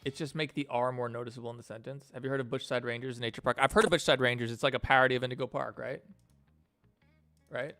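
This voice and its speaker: Gravelly man chatting on a livestream. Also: medium pitch, fairly even intonation, fast talker, fairly bright tone, no echo, faint music behind. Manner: rambling, thanks donors mid-work. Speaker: game developer livestreamer. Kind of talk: casual livestream chat.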